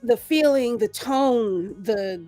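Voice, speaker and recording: Animated woman on a chatty podcast. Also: on the high side, slow pace, faint music behind. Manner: animated, laughing, many restarts. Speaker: podcast co-host. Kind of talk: casual chat.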